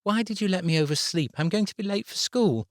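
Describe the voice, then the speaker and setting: A man's voice: a little fast, no echo, clean studio sound, lightly acted. A man voicing an anxious young schoolgirl. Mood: alarmed. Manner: high, breathless questions.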